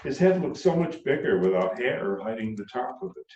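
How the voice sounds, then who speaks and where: A man, the author, reading his own novel aloud calmly and unhurriedly, with brief asides. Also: mid-range voice, moderate pace, slight background noise. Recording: roomy, dull sound from far off.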